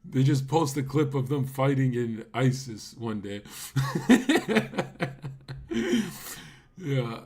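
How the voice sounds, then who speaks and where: Using a USB condenser mic, this male host reacts to clips on a casual livestream and mocks his viewers bluntly in rants. He speaks slowly, pausing often, with lively intonation and a medium-pitched, slightly mellow voice.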